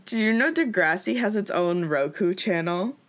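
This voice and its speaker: A young woman, co-hosting a podcast in casual chat, chatty and quick to laugh, her voice still in its morning state. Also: medium pitch, lively intonation. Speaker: podcast co-host.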